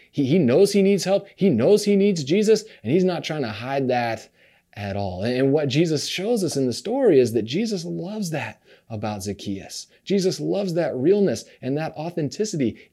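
A man preaching a sermon, retelling a story in a relaxed conversational way, often repeating and restarting his words. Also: on the high side, breathy edge. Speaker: pastor.

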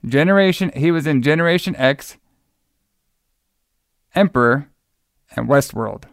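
A man hosts a casual talk show, rambling through a story with easy enthusiasm. His voice is smooth and clear, recorded dry and close. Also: a little high, lively intonation, measured pace, no echo. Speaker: podcast host. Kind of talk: casual chat.

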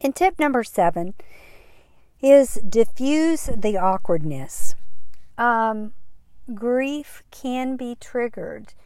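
A middle-aged woman hosting a podcast, speaking gently and earnestly with soft, breathy trail-offs. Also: on the high side, animated, takes it slowly, dry recording, studio quality. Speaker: podcast host. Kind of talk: encouraging podcast talk with prayer.

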